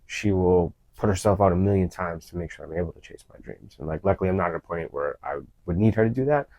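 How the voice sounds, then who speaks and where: A man who fights and coaches in mixed martial arts, talking in a casual interview with loose, fast storytelling full of "you know" fillers. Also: deep voice, darkish tone, no echo, rough recording.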